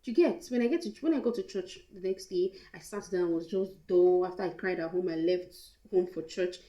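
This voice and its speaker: A woman's voice: lowish voice, fairly quick, warm tone, reverberant, low-quality recording. A young Nigerian woman vlogger telling a candid, emotional storytime, slipping into pidgin now and then. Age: young adult. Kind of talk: storytime vlog.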